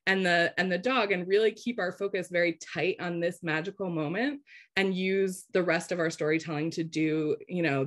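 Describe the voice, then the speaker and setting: A woman giving a slide-based webinar presentation in a conversational way, often checking in with the audience. She is losing her voice. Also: on the low side.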